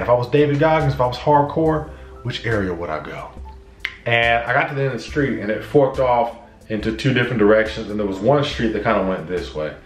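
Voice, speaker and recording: A man casually telling a personal story to camera, acting out his own shouts and conversations. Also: mid-range voice, reverberant. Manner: animated, acts out his own shouts and dialogue. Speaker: vlogger.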